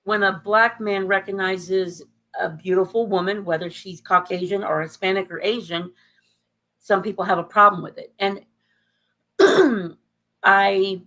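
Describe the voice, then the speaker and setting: Animated woman telling a heated story. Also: mid-range voice, unhurried, poor audio. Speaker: podcast co-host. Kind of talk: casual podcast chat.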